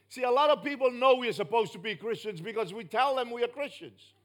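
A man preaching with a noticeably high voice. He presses his points emphatically, climbing to loud bursts before dropping back to quiet asides. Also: brisk. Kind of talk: sermon.

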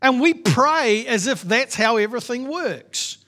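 A man's voice: very high-pitched, lively intonation, a little slow, sharp tone, a little hiss or hum. A male pastor preaching a sermon in an emphatic, conversational way, repeating his points.

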